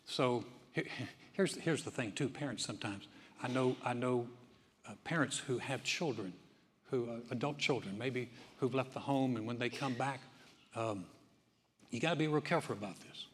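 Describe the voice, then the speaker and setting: A man's voice: mid-range voice, normal speed, a little hiss or hum. A man preaching a sermon as pastor in a church, telling stories in a conversational way with frequent restarts. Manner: conversational storytelling with many restarts. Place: church sanctuary. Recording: long reverb of a church hall.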